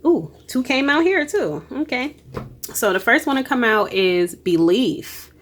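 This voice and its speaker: Pitched on the high side, the woman's sing-song voice runs a little slow. She offers an easygoing spiritual card reading in tarot-style energy terms, emotional and emphatic, cheering the listener on with exclamations and colloquial speech.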